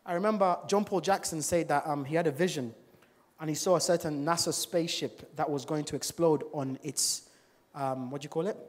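A man's voice: fairly high pitch, fairly quick. Man preaching in a reverberant church. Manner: animated preaching with rhetorical questions to the congregation. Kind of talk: sermon. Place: church service. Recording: long reverb of a large church hall.

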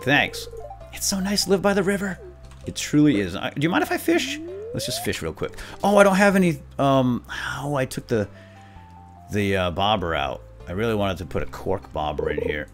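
A young man hosting a casual let's play, goofing around and jumping between squeaky put-on voices and low mumbles. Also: fairly bright tone. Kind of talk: casual gameplay commentary.

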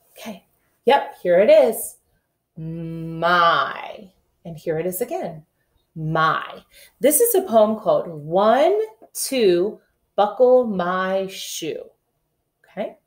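A woman teaching a remote kindergarten phonics lesson. She drills letter sounds slowly and deliberately, then reads a rhyme aloud in an encouraging sing-song. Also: medium pitch.

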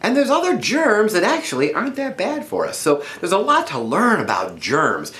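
A middle-aged man reads a picture book aloud to children. His voice swoops widely up and down, and his delivery stays friendly and expressive. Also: high voice, moderate pace, echoey room. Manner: animated and friendly.

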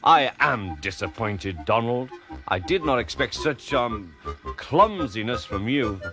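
A stern, pompous older railway boss, put on by a man, speaking in slow, measured, formal tones. Music plays underneath. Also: mid-range voice, lively intonation. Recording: music playing behind.

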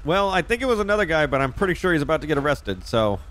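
A man's voice: on the high side, sing-song, racing, fairly bright tone. A man streaming police role-play, chatting casually, swearing often and laughing easily. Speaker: streamer playing a police officer.

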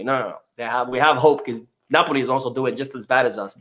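A man's voice: mid-range voice, a little fast, few pauses, a bit bright. A man hosting a casual live-stream podcast, reading chat comments in a loose, chatty way with many fillers.

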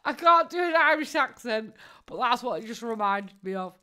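Chatting casually on a live stream, a woman pokes fun at her subject, laughs a lot, and curses without hesitation. Her a-little-high voice is expressive, pushed, bright and smooth, at a normal speed.

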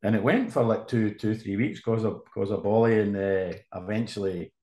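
A man in his fifties, a sports journalist guest, telling animated anecdotes in casual conversation. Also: fairly low pitch, normal speed. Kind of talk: casual storytelling. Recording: roomy echo.

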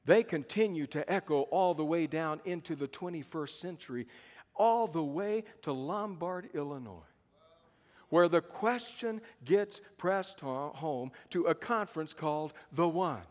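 A pastor in his fifties preaching a sermon at a conference, telling the story dramatically with emphatic repetition. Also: fairly high pitch. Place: conference hall. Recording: long hall reverb.

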